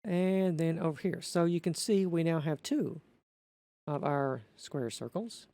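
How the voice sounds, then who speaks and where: A man talking through a building tutorial in an unscripted voice-over, methodical and halting, often correcting himself. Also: on the high side, dark tone, no room sound.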